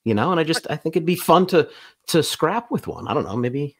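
A man's voice: on the high side, big pitch swings, fairly quick, gravelly, a bit bright. A man in his forties, a voice actor guest, talking in a laid-back, blunt, joking way. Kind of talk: casual interview chat.

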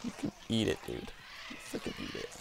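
A man hosting a let's play, giving casual gameplay commentary and excitably trash-talking the creatures on screen. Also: fairly quick, background noise.

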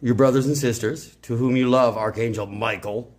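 A man's voice: medium pitch, steady tone, moderate pace, a little mellow. A man rambling in a casual monologue as a self-styled father of all creation, erratic and profane with sudden outbursts.

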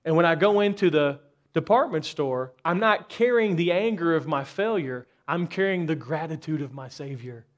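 A man's voice: fairly high pitch, animated, moderate pace. A man preaching a sermon in a church, asking the congregation rhetorical questions and building up intensity in bursts. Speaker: pastor.

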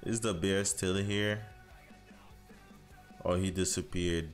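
A man's voice: low voice, steady tone, slow pace, soft background music. A man streaming a hunting game live, chatting casually with viewers and calling them bro. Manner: laid-back, calls viewers bro. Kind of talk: live-stream gaming chat.

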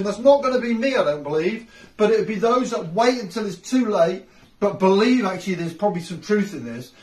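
A man's voice: high-pitched, expressive, brisk. A middle-aged man preaching an informal home sermon, earnest and repeating key phrases for emphasis. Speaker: house church preacher. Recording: roomy sound from a distant mic.

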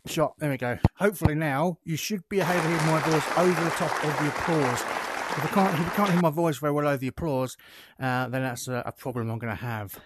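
A man chats his way through a VR game, talking casually as he tweaks settings and plays. A headset mic picks him up, and a loud stadium crowd and steady noise from the game push hard against his voice. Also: a little high, fast talker, few pauses. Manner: thinking aloud while adjusting settings and playing. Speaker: VR gaming content creator. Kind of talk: casual gameplay commentary. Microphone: VR headset's built-in mic. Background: loud cricket crowd and bat clicks from the game.

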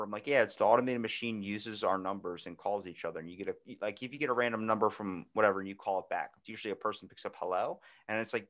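Low-ish guy hosting a podcast, swears a lot, does voices in his stories. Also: fast talker, few pauses. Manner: animated storyteller acting out voices, swears freely. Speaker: podcast host. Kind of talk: casual chat.

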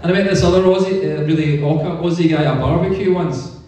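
Scottish male comic, deadpan stand-up, higher-pitched, set far from the mic in a very echoey room. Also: fast. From Scotland. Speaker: stand-up comedian. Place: hotel pub stage.

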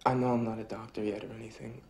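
A man's voice: on the low side, level tone, very fast, creaky, a little mellow, a little hiss or hum. An actor playing a worried medical student confronting his girlfriend, earnest and pleading in a film scene. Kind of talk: film drama dialogue.

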